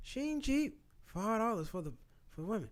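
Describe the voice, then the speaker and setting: A man's voice: sits high, moderate pace. A man vlogging casually, reading facts aloud and talking back to them with swearing and blunt asides. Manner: animated, swearing, talking back to what he reads. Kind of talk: casual commentary reading and browsing online.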